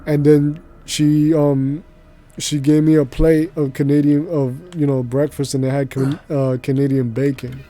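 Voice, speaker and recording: Brief: male game streamer, rambling slangy chat, monotone delivery, faint music under him. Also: fairly high pitch, a little slow. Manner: rambling, slangy, laughs easily. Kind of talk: casual chat while gaming.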